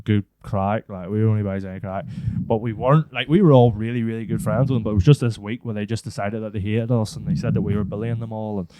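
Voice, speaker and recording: Chatty young man, dark-toned. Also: fairly low pitch, fast talker, dry recording. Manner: rambling, swears freely, animated impressions. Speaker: podcast co-host. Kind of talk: casual storytelling chat.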